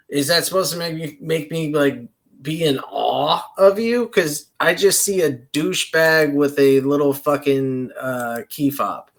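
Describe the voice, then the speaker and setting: A man with a fairly high voice rants through a reaction stream, swearing nonstop and wandering off track as he vents. His talk is loose and casual, full of fillers and angry asides. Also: measured pace, fairly bright tone. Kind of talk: profane reaction rant.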